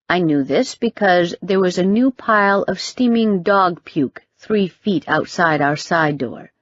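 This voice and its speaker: A woman narrates a first-person novel at an unhurried pace. Her pitch is mid-range and her manner is steady. The recording is dull and dry. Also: no room sound. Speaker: audiobook reader.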